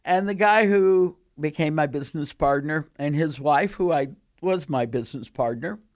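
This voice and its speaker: An older woman in her eighties recalls her past in casual storytelling. She speaks in a lively, animated way. She is recorded in a studio. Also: low-pitched, normal speed. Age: 80s. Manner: animated, acts out quoted voices. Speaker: guest recalling her career.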